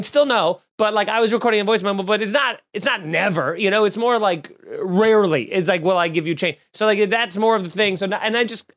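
A man's voice: sits high, fairly bright tone. A man chatting on his comedy podcast. He rambles through stories and pokes fun at himself with a loose, offhand delivery. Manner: rambling, self-mocking storyteller. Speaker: podcast host.

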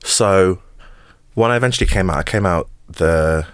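A man's voice: sits low, normal speed, fairly bright tone, smooth, no room sound, studio quality. A man, an actor openly telling a personal story as a podcast guest, emotional and repeating words. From England. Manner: open, emotional, repeats words, laughs through hard memories.

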